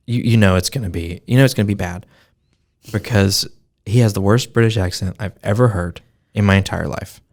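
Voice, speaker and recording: A man co-hosting a podcast, chatting casually and opinionatedly with jokes and frequent laughter. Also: sits low. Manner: joking, opinionated, laughs often. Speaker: podcast co-host. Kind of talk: casual chat about a film.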